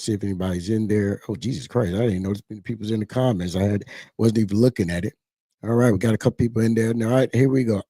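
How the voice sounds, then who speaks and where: A man's voice: on the low side, warm tone, husky, no echo, studio quality. A middle-aged man rambling casually as a livestream host, often repeating himself.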